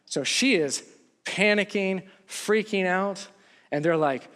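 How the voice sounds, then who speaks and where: A middle-aged man preaching a sermon as pastor, telling a story in a lively way and acting out what people said. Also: high-pitched, normal speed. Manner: animated storytelling, acts out quotes. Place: church sanctuary. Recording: long reverb of a large hall.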